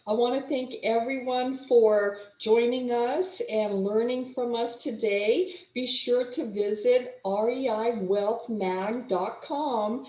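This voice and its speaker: Female publisher host, slow and gracious, mellow voice, lo-fi roomy sound. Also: on the high side. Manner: slow, gracious, with encouraging remarks. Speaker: interviewer, magazine publisher. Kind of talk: interview host. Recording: dull, echoey remote audio.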